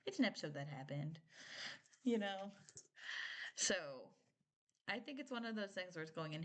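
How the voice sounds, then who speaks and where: A woman's voice: lowish voice, very animated, brisk, long pauses, fairly bright tone. A young woman chatting casually on a live stream, rambling with lots of filler words and frequent giggles. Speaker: streamer reviewing a TV show.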